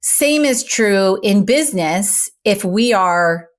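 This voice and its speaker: A middle-aged woman, a former news anchor turned speaking coach, talking in an interview with articulate, emphatic and animated delivery. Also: mid-range voice, takes it slowly. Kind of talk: conversational interview.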